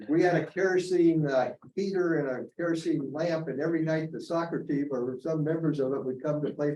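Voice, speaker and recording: A man in his seventies telling a story at a college reunion, halting with many fillers. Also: a little high, warm tone. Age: 70s. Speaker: reunion alumnus. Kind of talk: casual storytelling. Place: college meeting room. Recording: roomy hall, distant mic, faint noise.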